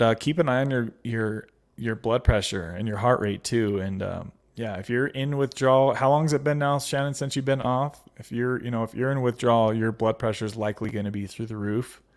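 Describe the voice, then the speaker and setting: A man hosting a casual livestream, reading viewer comments aloud and answering them with fillers and laughs. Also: mid-range voice. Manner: chatty with frequent fillers and laughs. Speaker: livestream host.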